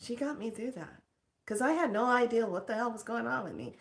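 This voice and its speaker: A woman's voice: a little high, lively intonation, brisk, creaky. A middle-aged woman giving a casual spiritual pep talk as a teacher, speaking frankly and expressively and laughing often.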